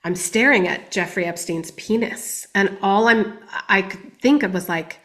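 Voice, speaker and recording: A woman guest on a podcast speaks in candid personal testimony. Her voice sits at a middling pitch. She talks reflectively and often drops to a soft, hushed level. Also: measured pace.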